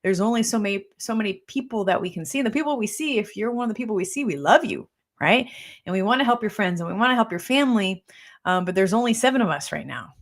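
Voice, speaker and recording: A woman's voice: medium pitch, lively intonation, quick pace. A middle-aged woman, a health practitioner, answering viewer questions in a casual live talk while her nose runs a little. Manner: casual, conversational, tags points with "right?". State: runny nose.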